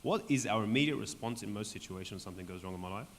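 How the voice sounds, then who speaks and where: A man leading a Bible study for a group in a church hall, talking conversationally and often checking in with "right?", his voice going hoarse. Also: lowish voice, expressive, very fast. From Australia. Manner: conversational, keeps asking "right?". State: voice going hoarse, clearing throat. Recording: long hall reverb, faint background noise.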